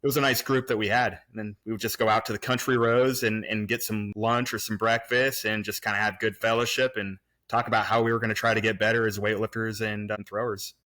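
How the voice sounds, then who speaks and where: Remote podcast guest: a bright-toned man in his forties, rambling and restarting as he reminisces. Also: lowish voice, level tone, a little fast, few pauses. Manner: rambling, many restarts and fillers. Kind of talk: casual reminiscing conversation. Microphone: remote recording.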